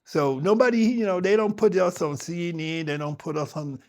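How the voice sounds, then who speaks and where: A man's voice: sits high, brisk, darkish tone. A middle-aged man teaching yoga, talking conversationally and emphatically to his audience, often restarting his sentences. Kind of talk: spoken talk to a yoga audience.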